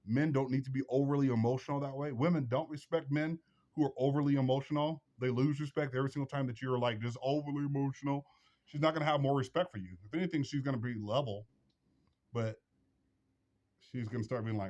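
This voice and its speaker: Male vlog host, mid-pitched, preachy and repetitive, hammering home blunt advice. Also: fairly quick, a little mellow, highs cut off.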